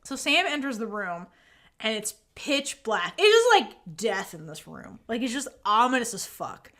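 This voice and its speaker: A woman with a high, bright voice retells a series scene by scene in a casual podcast chat. Her pitch swings widely as she acts out the characters' lines. She peppers her talk with "like" and casual swearing. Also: normal speed. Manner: animated storytelling, acting out character quotes; swears casually, says "like" a lot. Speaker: podcast co-host.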